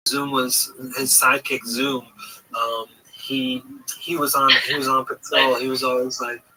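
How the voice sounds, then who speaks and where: A man hosts a livestream chat, winding through a story with frequent restarts and fillers. His voice is very bright. He sits some way from a distant mic with faint noise behind. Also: mid-range voice. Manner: rambling, hesitant, many restarts. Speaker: livestream host.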